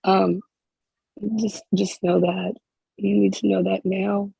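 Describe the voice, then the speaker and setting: Gravelly, husky voice giving tearful comfort. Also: medium pitch, little pitch movement, dark tone, dry recording, low-quality recording. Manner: halting, repeats phrases, consoling. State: close to tears. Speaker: spiritual healer addressing a group member. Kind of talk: emotional spiritual counseling.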